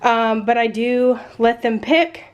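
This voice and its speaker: A woman's voice: on the high side, takes it slowly, muffled recording. A woman with a congested voice, chatting casually to camera at home about her groceries, with lots of ums. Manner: chatty, many ums, self-deprecating. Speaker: family vlogger.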